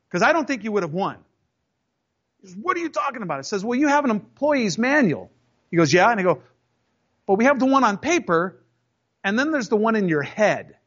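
A man with a high voice tells a personal story in a loose, conversational way, and he plays out both sides of each argument. His voice jumps up when he voices his own retorts. The recording sounds dull and lo-fi. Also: very animated, a little fast, pauses often, a bit bright, husky. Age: 30s or older. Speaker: storyteller recounting a job.

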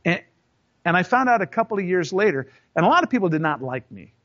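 High-voiced man telling an animated story. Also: fast talker. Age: 30s or older. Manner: animated, acts out both sides of arguments. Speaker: storyteller recounting a job. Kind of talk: casual personal storytelling. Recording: dull lo-fi recording.

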